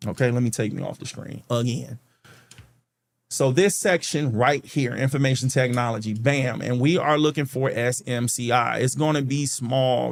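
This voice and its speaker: A man's voice: mid-range voice, creaky. A man hosting a stock market channel, walking viewers through charts on a shared screen in a chatty way, often checking in with "okay" and calling them "guys". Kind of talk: screen-share tutorial walkthrough.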